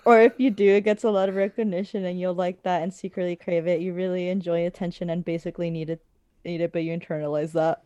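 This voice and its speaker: A woman's voice: fairly low pitch, fairly even intonation, quick pace, mellow, clean tone, dry recording, dull audio. Blunt young woman with a dry, close sound. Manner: blunt, teasing, swears casually. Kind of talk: casual chat doing online quizzes.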